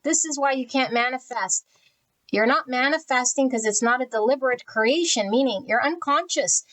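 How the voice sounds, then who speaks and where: Woman tarot reader with a somewhat high voice, direct and unsugarcoated delivery. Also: normal speed, a bit bright, rough recording. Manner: blunt, spiritual, channels energy. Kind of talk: pick-a-card tarot reading.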